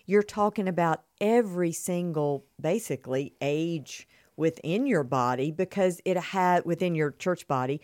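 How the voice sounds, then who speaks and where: A woman's voice: fairly low pitch, a little mellow, no echo, clean studio sound. A woman co-hosting a podcast about marriage ministry, explaining her points earnestly in long linked sentences. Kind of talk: casual conversational podcast.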